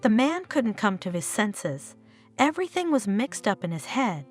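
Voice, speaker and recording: A woman narrating a scripted story in a steady storybook reading manner. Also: medium pitch, normal speed. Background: faint guitar music.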